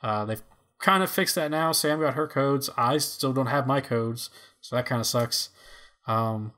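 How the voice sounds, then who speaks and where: A man co-hosting a gaming podcast in loose, casual chat. He rambles and pads his sentences with "um" and "like" as he goes. His voice sits at an ordinary middle pitch for a man. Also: measured pace, pushed and bright. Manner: rambling, filler-heavy. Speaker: podcast co-host.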